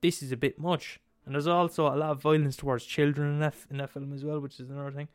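A man telling a film story in a casual, animated monologue, swearing freely and digressing. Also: on the high side, racing, clear, resonant tone, soft background music.

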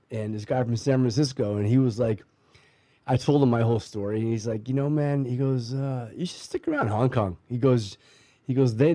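A man's voice: mid-range voice, mellow, no room sound. Middle-aged guy rambling through a story, lots of um and restarts, dry close sound. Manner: rambling, many restarts and fillers, acts out quoted voices. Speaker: guest telling a life story. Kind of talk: casual storytelling.

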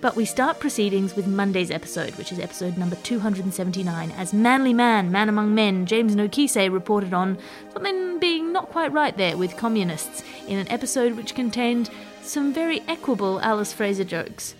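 A woman hosts a comedy news roundup in a dry, teasing, self-mocking tone at a middling pitch. Faint music runs beneath her voice. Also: animated, brisk. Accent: Australian. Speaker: podcast host. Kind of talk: scripted comedic roundup narration.

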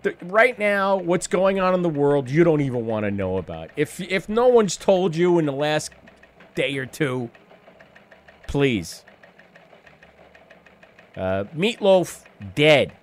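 A man's voice: a little high, sing-song, measured pace. Wry rambling radio host in his fifties. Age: 50s. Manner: wry, rambling, profane asides. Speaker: radio call-in show host. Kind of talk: rambling talk radio monologue.

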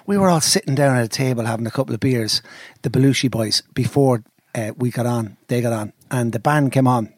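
A middle-aged Irish man telling a rambling, animated, sweary story in a casual chat. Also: medium pitch, a little fast, no room sound. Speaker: podcast storyteller.

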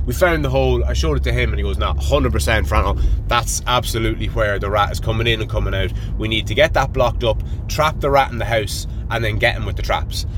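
An Irish man hosting a podcast, telling a rambling anecdote in a casual, animated way and swearing constantly. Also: mid-range voice, background noise. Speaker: podcast host. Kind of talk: casual storytelling monologue.

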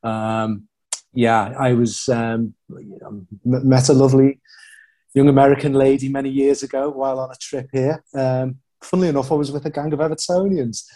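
A man's voice: mid-range voice, little pitch movement, moderate pace, dark tone. A man in his forties from Liverpool with a Scouse accent, chatting as a podcast guest, self-deprecating and full of fillers. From Liverpool, England. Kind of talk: casual interview chat.

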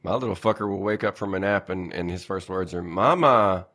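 A man's voice: low-pitched, flat delivery, quick pace. A man hosting a casual podcast, profane and exaggerated in his venting, then candid about himself. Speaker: podcast host. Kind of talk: casual chat.

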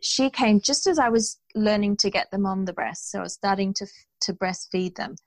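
A woman speaking as an interview guest, telling her story in an earnest, animated way. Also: medium pitch, moderate pace, no room sound, poor audio. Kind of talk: conversational interview.

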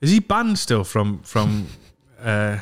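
A man's voice: on the low side, sing-song, takes it slowly. A man, hosting a casual podcast and telling stories, swearing often and putting on voices for the people in his anecdotes. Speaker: podcast host and comedian. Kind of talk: casual chat.

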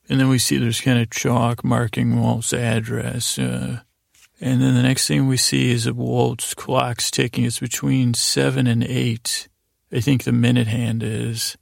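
A man with a heavily gravelly, fry-laden voice meanders through a bedtime story recap, stopping for asides and correcting himself as he goes. His pitch barely moves, staying level and unhurried, and the sound is close and dry. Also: flat delivery, no room sound. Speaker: sleep podcast host.

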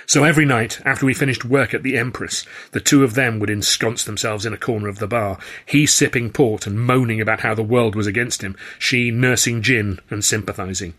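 A man's voice: on the low side, steady tone, fairly quick, few pauses, a bit bright. A man reading his own novel aloud in the first person, with a wry storytelling manner. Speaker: author and narrator. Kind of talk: audiobook narration, first person.

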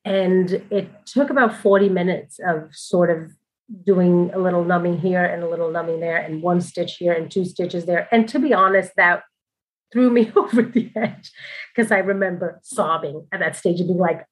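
A woman recounting a personal experience in a loose, candid way, laughing easily and wandering into asides. Her voice sits a little lower than most women's. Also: moderate pace, rough recording. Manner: candid and chatty, laughing often, frequent asides and fillers. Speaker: mother telling her birth story. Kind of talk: casual personal storytelling.

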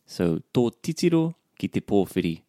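A man's voice: fairly low pitch, big pitch swings, normal speed, warm tone, no echo. A man joins a language lesson. He repeats words back attentively and asks questions. The recording is dry and close.

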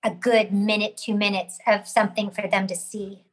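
A woman's voice: medium pitch, little pitch movement, moderate pace, low-quality recording. A woman, a working actress, speaking as a podcast guest in a candid, reflective way. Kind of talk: casual interview chat.

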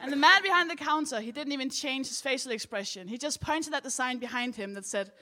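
A woman's voice: high voice, fast, background noise. A woman co-hosting a comedy podcast, telling a stand-up story in a blunt, self-mocking way.

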